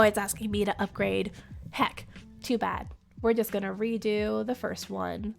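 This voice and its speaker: A young woman hosting a charity live stream, excitable and laughing often as she talks to her chat. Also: medium pitch, creaky.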